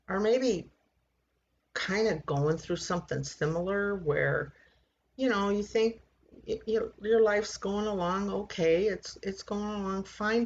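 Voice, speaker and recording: Slow, earnest woman in her sixties. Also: medium pitch, a little mellow, highs cut off. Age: 60s. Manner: earnest, halting, repeats words. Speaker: church member giving testimony. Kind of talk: personal faith testimony.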